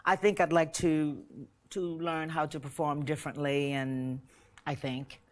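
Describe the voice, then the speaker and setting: A woman's voice: low voice, level tone, unhurried, darkish tone. A woman in her fifties from the United States, a guest in a casual television interview, playful and often laughing. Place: TV studio set dressed as living room, with audience.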